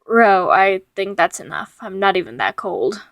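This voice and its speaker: A woman voicing a tired, sick young man in a storybook reading, speaking low and subdued. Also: very animated, moderate pace, a bit bright, no echo.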